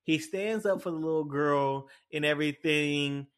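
Young man, podcast host, casual rambling chat, slightly high voice, lots of fillers. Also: normal speed. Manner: rambling storytelling with many fillers and restarts.

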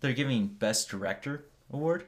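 An American man co-hosting a casual podcast, telling stories with halting restarts. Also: medium pitch, expressive. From United States. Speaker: podcast co-host. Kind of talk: casual chat.

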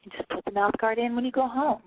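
A woman's voice: fairly high pitch, fairly even intonation, fast talker. A brash, profane woman hosting a call-in advice radio show, a little tipsy, talking animatedly. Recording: dry, phone-like lo-fi sound.

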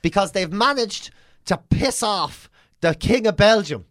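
A man's voice: high-pitched, expressive, a little slow, a bit bright, no room sound, clean studio sound. A man in his forties with an Irish accent, co-hosting a podcast in casual, sweary, mocking banter. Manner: sweary, mocking, rambling storyteller. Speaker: podcast co-host.

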